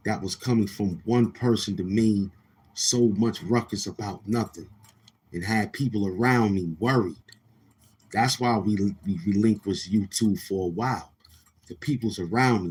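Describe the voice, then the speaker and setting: This man hosts a livestream, his low-leaning voice at a normal speed, a little mellow with a breathy edge. His rant is casual and loose, with restarts and mocking impressions of quoted voices.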